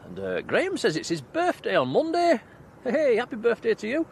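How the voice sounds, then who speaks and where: Man, chatty stream host, high voice, faint outdoor noise. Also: huge pitch swings, moderate pace, vocal fry. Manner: chatty, thanks viewers by name. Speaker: livestream host. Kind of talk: live stream chat, reading comments. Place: outdoors at night near an airport.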